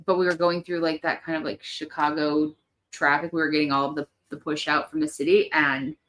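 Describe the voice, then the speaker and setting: A woman's voice: deep voice, level tone, a little fast, a bit bright, slight background noise. A young adult woman co-hosting a livestream, talking hesitantly with lots of ums and likes. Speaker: livestream co-host. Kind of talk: casual livestream chat.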